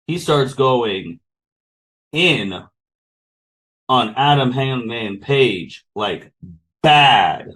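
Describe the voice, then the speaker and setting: A man hosting a podcast in casual chat, rambling along with lots of fillers. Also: medium pitch. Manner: rambling, filler-heavy, relaxed. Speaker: podcast host.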